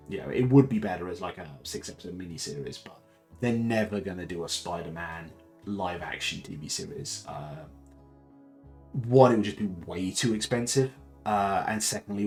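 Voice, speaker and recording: A man's voice: sits low, darkish tone. A man chatting casually on a live stream from home, enthusiastic and rambling. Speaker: streamer hosting a lunchtime chat.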